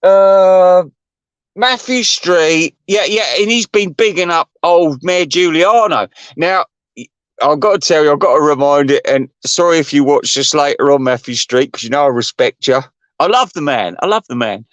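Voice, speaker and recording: A man rambles through a gossipy, foul-mouthed rant as host of his own channel, always drifting off on tangents. His voice sits on the higher side for a man. The sound is close and dry, with no room around it. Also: moderate pace, fairly bright tone, no echo. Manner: gossipy, profane and digressive.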